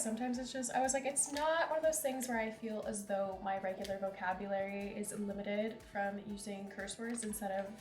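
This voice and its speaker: A woman's voice: fairly high pitch, echoey room. Chatty young woman streaming a game. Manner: chatty, giggly, reads game lines aloud. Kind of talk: casual chat while playing.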